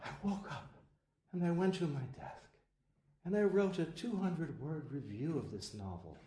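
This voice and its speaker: A man impersonating a frail, elderly blind writer who is gentle and wistful, telling it in an animated, rising voice during a lecture. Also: a little high, moderate pace, voice pushed up, lightly acted. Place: lecture hall. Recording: echoey hall, faint noise.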